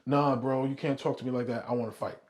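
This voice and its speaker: A man's voice: medium pitch, fairly even intonation, fast, natural voice. A man doing a blunt, hulking young thug. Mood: defiant. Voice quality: blunt, street slang. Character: huge hot-tempered young male thug.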